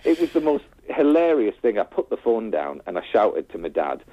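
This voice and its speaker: A man telling stories in a casual interview, animated and chatty, laughing often. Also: fairly low pitch, brisk, no echo, dull audio. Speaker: guest, TV presenter.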